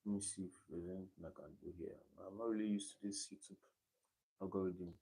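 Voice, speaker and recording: A man's voice: sits low, steady tone, quick pace, dark tone, slightly rough. A young Nigerian man tutoring exam questions on a live stream, explaining step by step and repeating key points. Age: young adult.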